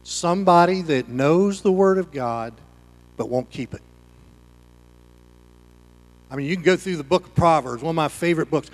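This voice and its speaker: Male pastor, high voice, dynamic preaching style, loud then hushed, long hall reverb. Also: moderate pace, long pauses. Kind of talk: sermon.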